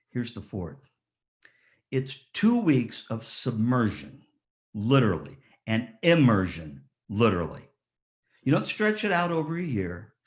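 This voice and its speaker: A man giving a motivational speech at a graduation ceremony, telling stories and asking the audience rhetorical questions. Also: on the high side. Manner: lively storyteller, rhetorical questions, acts out quotes. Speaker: ceremony speaker.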